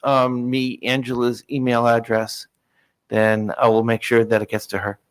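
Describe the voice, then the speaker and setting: A man of middle pitch leads a technical meeting from a conference room microphone. He talks in an easy, polite way, with plenty of fillers and restarts as he works through his material. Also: completely flat delivery, normal speed. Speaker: working group presenter.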